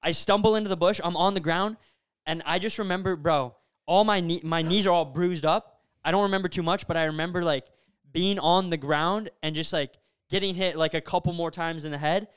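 A young male podcast host with a high, smooth and resonant voice. He tells a story in relaxed, animated chat and leans on casual fillers. His delivery is loose and conversational. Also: brisk. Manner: animated, filler-heavy storytelling with frequent "bro" and "like".

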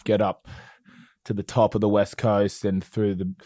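Laid-back Australian man, low dry voice. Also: a little slow, no room sound. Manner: relaxed and rambling, with fillers and laughs. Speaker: guest musician. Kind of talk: casual interview chat. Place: studio.

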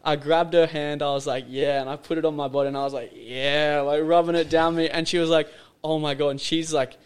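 A man's voice: fairly high pitch, flat delivery, brisk, clean tone. Young Australian man, podcast guest, chatty storytelling, slangy and loose, lots of fillers. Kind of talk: casual storytelling chat.

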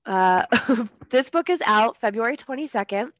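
A woman's voice: on the high side, animated, moderate pace, dry recording, lo-fi sound. A woman co-hosting a book podcast, chatting casually with lots of ums, her voice a little off today. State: voice a bit off. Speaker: podcast co-host. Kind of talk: casual chat about books.

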